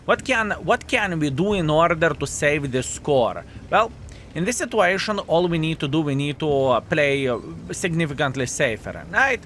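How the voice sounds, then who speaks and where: A man's voice: fairly high pitch, normal speed, a little hiss or hum. Upbeat man commentating his gameplay. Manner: animated, addresses viewers as fellas, self-mocking asides. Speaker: video game player and channel host.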